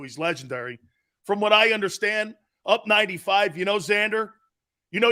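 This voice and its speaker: A man's voice: high-pitched, creaky, pushed and bright. A man hosting a sports talk show, ranting in a mocking, combative way and laughing at his own jokes. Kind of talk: brash sports talk rant.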